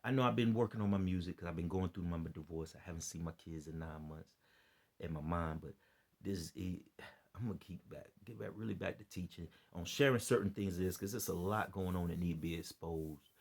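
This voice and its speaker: Weary gravelly-voiced man preaching to camera. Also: sits low, brisk, a little mellow. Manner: rambling, repeats phrases, preachy appeals to listeners. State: worn out and dead tired. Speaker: online preacher and commentator. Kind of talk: impassioned unscripted vlog commentary.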